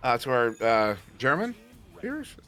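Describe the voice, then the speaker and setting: A man casting an esports match, goofy and rambling between plays, then excited play-by-play calls. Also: mid-range voice, unhurried, faint music behind. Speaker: esports caster. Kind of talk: play-by-play commentary.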